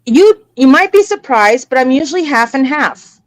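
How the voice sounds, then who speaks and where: A woman's voice: high-pitched, moderate pace, no echo, low-quality recording. A middle-aged American woman, an interview guest, telling stories in an earnest, emotional way and acting out the voices she quotes. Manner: animated, acts out quoted voices. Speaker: interview guest, cigar educator. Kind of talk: casual conversational storytelling.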